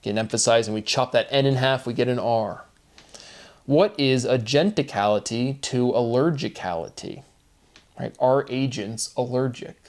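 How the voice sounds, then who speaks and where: A man alone, talking through wordplay in a slow, questioning musing monologue. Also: medium pitch. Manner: slow, questioning, breaks into laughter. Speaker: solo video host. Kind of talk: musing monologue on word forms.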